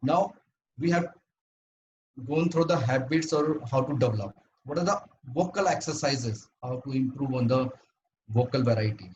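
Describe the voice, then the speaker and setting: A man's voice: mid-range voice, normal speed, darkish tone, lo-fi sound, a little hiss or hum. A man giving a prepared club talk on voice training, earnest and instructive, going through his points one by one. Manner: earnest, instructive, paced in numbered steps.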